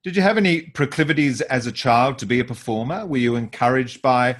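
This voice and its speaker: A man's voice: mid-range voice, brisk. A man interviewing a guest, asking prompting questions in a conversational way.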